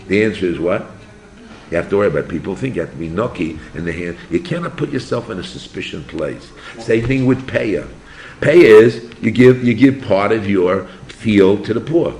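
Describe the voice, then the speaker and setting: An older man, a rabbi, giving an animated yeshiva class and asking his students questions. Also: lowish voice, a little hiss or hum. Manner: animated, asks the students questions, acts out voices. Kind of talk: yeshiva lecture.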